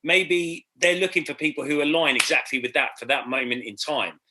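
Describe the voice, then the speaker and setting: A man in casual podcast chat, reasoning things through in a measured way. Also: fairly high pitch, steady tone, background noise. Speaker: podcast co-host.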